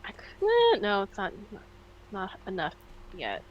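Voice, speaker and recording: A woman playing a tabletop game, relaxed and cheering on her companion. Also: mid-range voice, a little slow, lo-fi sound, slight background noise. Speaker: player.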